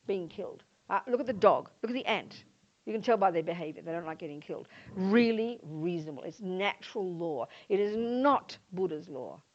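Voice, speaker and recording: An older woman with an Australian accent, a Buddhist nun giving a lively dharma talk to a live audience and acting out the voices she quotes. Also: medium pitch. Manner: animated, acts out quoted voices. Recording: muffled lo-fi talk recording.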